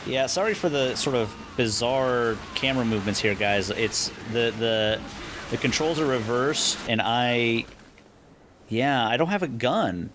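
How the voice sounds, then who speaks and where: Animated man chatting over gameplay. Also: mid-range voice, a little slow, background noise. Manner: animated, laughs often, thinks aloud. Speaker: podcast co-host playing a game. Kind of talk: casual gameplay chat.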